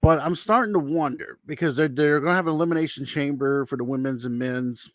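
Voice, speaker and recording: A YouTube commentator with a somewhat high voice talks fast through a casual, wandering recap, voicing his views and acting out quotes along the way. The audio is clean studio sound with no echo.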